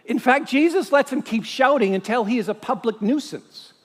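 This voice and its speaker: A male pastor, preaching a sermon with animated storytelling and strings of rhetorical questions. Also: very high-pitched, normal speed, big-room sound.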